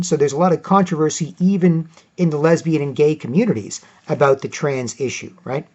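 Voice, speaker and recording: A man with a fairly high voice gives rambling, sarcastic vlog commentary, reading out articles and restarting his sentences often. The audio sounds dull and lo-fi. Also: a little fast, a little mellow. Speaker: vlogger.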